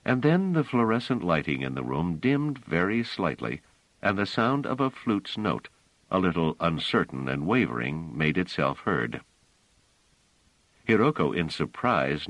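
Deep male narrator, lively expressive reading, dry close recording. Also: unhurried, no room sound, low-quality recording. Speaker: audiobook narrator. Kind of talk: scripted narration.

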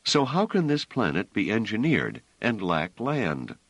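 An irritable, brooding man aboard a ship in a storybook, curt and argumentative, voiced by a male narrator in a deep, lively voice. The sound is dry and close. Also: a little slow, no echo, dull audio, exaggerated voice. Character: irritable, brooding man, ship's captain type. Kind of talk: audiobook character voice.

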